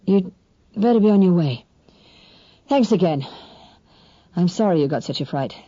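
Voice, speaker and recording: A woman reading an audiobook and voicing a sick young man in his twenties, who talks in weak, hushed, clipped bursts with firm authority. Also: sits high, lively intonation, moderate pace, no echo, dull audio. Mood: weary, urgent. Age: 20s.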